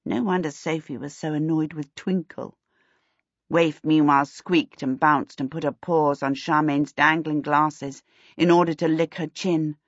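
A woman reading a storybook aloud as narrator in a calm, steady way. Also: deep voice, a little slow, dry recording. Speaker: audiobook narrator. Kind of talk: scripted narration. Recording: slightly dull, dry recording.

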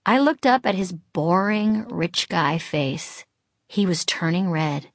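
A middle-aged woman from Boston narrates her own audiobook memoir in a wry, candid way with comic timing. Her voice is fairly low, animated and slow, recorded close-miked with dry sound and no room echo.

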